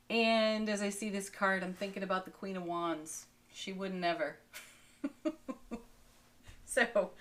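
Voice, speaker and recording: A woman giving a daily spiritual tarot card reading, soothing and unhurried, with soft laughs between cards. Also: on the low side.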